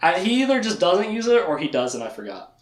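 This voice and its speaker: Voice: medium pitch, very animated, quick pace, roomy sound. A podcast host giving a casual, chatty recap of a fantasy novel with laughing asides.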